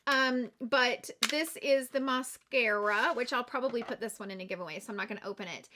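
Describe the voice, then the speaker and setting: With background noise behind her, a young adult woman speaks a little high and fairly quickly. She's a beauty vlogger doing an excited makeup unboxing chat, gasping and exclaiming as she gushes.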